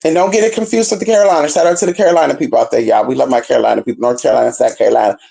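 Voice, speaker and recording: This California spiritual reader talks to her viewers in a sassy, casual way, calling them girl and baby and dipping into low murmurs before leaping to high squeals. Her delivery is rapid-fire with fairly even intonation, vocal fry, and a dark tone.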